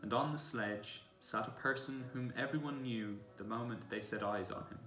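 A man gently reading a children's novel aloud in a church, recorded from a distance. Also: mid-range voice, normal speed, soft background music. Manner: gentle storytelling. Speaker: reader. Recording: echoey church room, distant mic.

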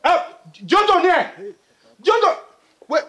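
Shouty landlord, high fast voice, cameroonian pidgin, scolds nonstop. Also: male voice, lively intonation. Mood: scolding. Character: loud excitable male landlord. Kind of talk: TV comedy drama acting.

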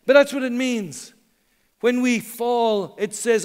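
Preaching pastor, high voice, church reverb. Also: male voice. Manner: earnest, dramatic pauses, slows for emphasis. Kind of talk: sermon. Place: church hall.

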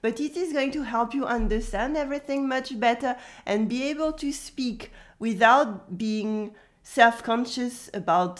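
Parisian-accented French woman teaching. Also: fairly high pitch. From France. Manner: friendly, explains with spoken examples. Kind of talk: language lesson to camera.

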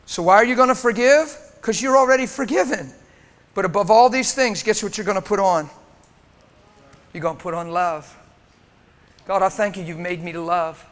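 An American man preaching a sermon in a church, impassioned, swinging from loud urging to hushed tones. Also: high-pitched, moderate pace, pauses often. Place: church sanctuary.

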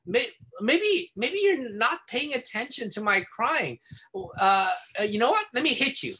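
A man's voice: very high voice, big pitch swings, measured pace, bright, forceful tone, pitched above the performer's own voice, full character voice. A man voicing a young child who whines and pleads, getting more upset when no ice cream comes. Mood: whiny.

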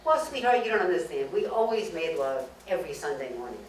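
A woman's voice: deep voice, sing-song, brisk, slight background noise. A woman voicing a giggly, bawdy grandmother of ninety-five, recorded in an echoey room from far off. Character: giggly 95-year-old grandmother.

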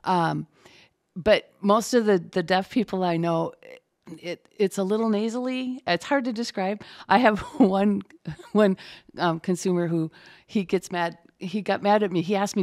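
A woman's voice: mid-range voice, normal speed. A woman working as a closed captioner, talking casually and animatedly as a guest in an interview. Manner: chatty, animated storyteller.

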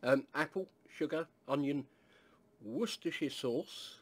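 A man's voice: a little high, unhurried. A man from England casually reviewing a hot sauce, rambling with lots of fillers and asides.

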